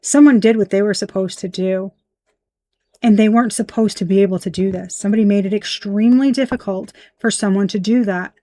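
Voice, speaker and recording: A woman's voice: medium pitch, steady tone, fairly quick, mellow, no echo. A woman giving a casual tarot reading, blunt and emphatic, swearing freely as she points out the cards. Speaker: tarot reader.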